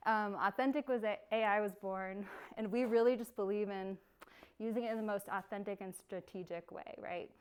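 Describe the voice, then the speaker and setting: A woman's voice: medium pitch, clear, resonant tone. A young woman giving a casual live workshop, chatty and bubbly, laughing often. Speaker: workshop presenter.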